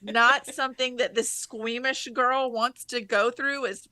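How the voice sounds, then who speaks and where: Bright animated woman telling stories. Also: fairly high pitch, unhurried, dry recording. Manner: animated, laughing storyteller. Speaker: podcast co-host. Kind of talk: casual chat.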